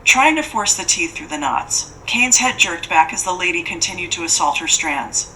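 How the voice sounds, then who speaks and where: A woman narrating an audiobook in a steady, even storytelling manner. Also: fairly low pitch, normal speed, a little hiss or hum, poor audio. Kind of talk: scripted narration.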